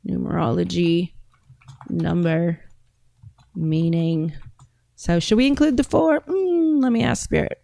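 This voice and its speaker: With a low-side, mellow voice, vocal fry, and long pauses, a woman speaks slowly, and there is no echo. She's a podcast host casually browsing and reading out comments while thinking aloud with fillers, rambling as her accent wanders from British-tinged to Southern.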